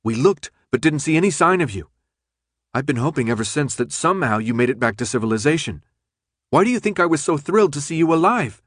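Audiobook male narrator voicing a young woman, pleading and insistent, pitched up, dry read. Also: animated, fast talker, fairly bright tone, dry recording. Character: anxious young woman pleading her case.

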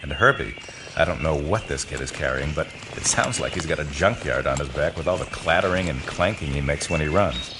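A man's voice: a bass voice, a little fast, noisy background. A man narrating an audiobook in the first person, telling the story expressively. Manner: expressive storytelling that voices the boys.

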